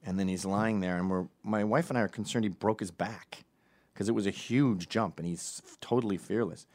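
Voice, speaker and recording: A man's voice: on the low side, moderate pace, a little mellow. A middle-aged man doing a profane, sardonic comedy monologue.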